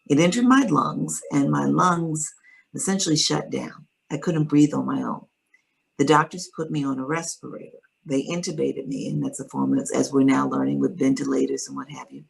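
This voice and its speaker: On a poor-quality recording, an interview guest tells a personal story in a calm, reflective manner. Her register is low and gravelly, with a husky edge.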